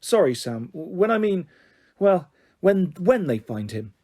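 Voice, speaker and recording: A man's voice: high voice, very animated, a little slow, dark tone, full character voice. A man reading as a flustered, apologetic dad. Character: harried, apologetic dad, middle-aged man.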